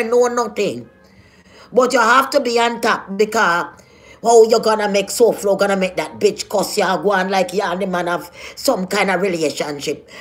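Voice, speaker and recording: A woman with a Jamaican accent delivering a scolding, confrontational vlog rant full of rhetorical questions. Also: mid-range voice. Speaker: vlogger. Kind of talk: ranting vlog.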